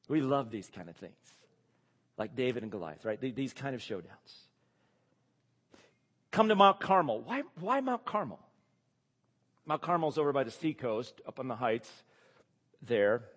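A man preaching an expository sermon, animated, full of rhetorical questions and chuckling asides. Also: medium pitch, husky. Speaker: pastor or Bible teacher. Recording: long reverb of a large hall.

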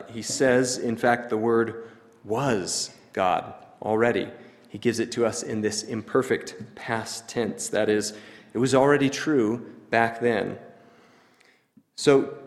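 A man preaching a sermon, teaching in a measured, explanatory way with emphatic pauses. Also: mid-range voice, creaky, in a large hall.

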